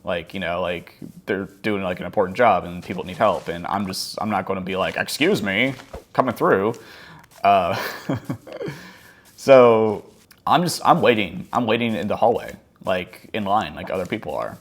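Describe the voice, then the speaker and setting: A man's voice: sits low, moderate pace. A man telling a casual story over gameplay, rambling along with many fillers like "like" and "um". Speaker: gaming channel host.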